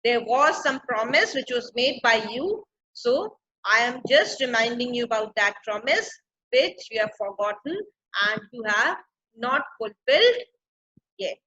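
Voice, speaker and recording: A woman's voice: on the high side, lively intonation, a little slow, pushed and bright. A woman, teaching a play by reading each line and paraphrasing it plainly. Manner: reads the old verse, then paraphrases it in plain words. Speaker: English literature teacher. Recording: dull lo-fi recording.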